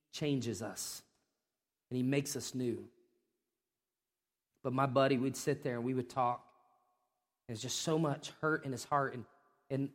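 A man preaching a sermon as pastor, speaking with rising passion and sharp climbs on repeated questions. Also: medium pitch, big-room sound. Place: church sanctuary.

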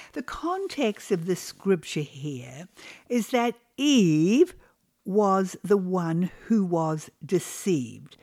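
Woman teaching the bible real slow, lingers on words, voice rises and falls a lot. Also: medium pitch, a little mellow. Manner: slow, earnest, reads scripture aloud and lingers on key words.

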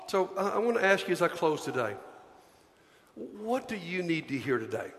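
High-voiced pastor preaching in a hall. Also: male voice, lively intonation, fairly quick, vocal fry. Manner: earnest pleading preaching, swinging from hushed to loud. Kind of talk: sermon. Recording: long hall reverb.

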